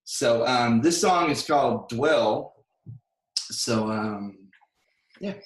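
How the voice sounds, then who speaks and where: A man telling his own story in an earnest, soft-spoken, reflective way. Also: mid-range voice, lively intonation, very slow, reverberant, recorded from a distance, poor audio. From United States. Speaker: recording artist. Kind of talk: candid personal story, then worship song.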